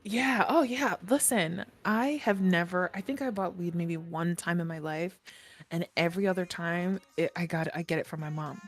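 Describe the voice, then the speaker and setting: A woman telling a long personal story in casual chat, animated, laughing often and swearing freely. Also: lowish voice, normal speed, soft background music.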